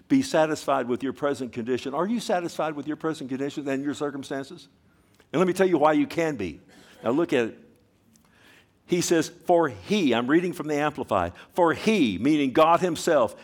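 Middle-aged male pastor, impassioned sermon delivery, mid-pitched, hushed-to-loud swings.

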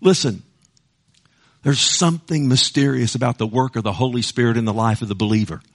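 A middle-aged man preaching a passionate sermon, swinging between hushed, intimate moments and loud, rousing ones. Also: medium pitch, fairly quick. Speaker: pastor.

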